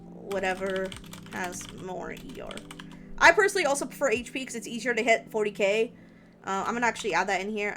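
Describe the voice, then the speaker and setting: A young woman streamer giving casual game advice, thinking aloud with lots of fillers. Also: mid-range voice. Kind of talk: casual game guide commentary on a live stream. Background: background music and keyboard typing.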